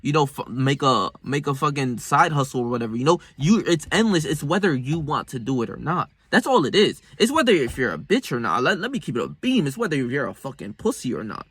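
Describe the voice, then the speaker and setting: A young man, talking casually and rambling about his daily routine, swearing freely, with sudden bursts of loud excitement. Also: medium pitch, brisk, few pauses, slightly rough, no echo. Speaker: self-improvement vlogger. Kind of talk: casual motivational monologue.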